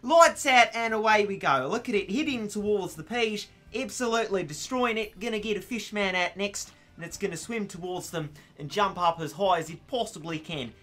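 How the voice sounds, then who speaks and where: A British man voicing an upbeat male Australian racing commentator in a put-on Australian accent, with excited commentary. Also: high voice, normal speed, few pauses, faint music behind, voice pushed up.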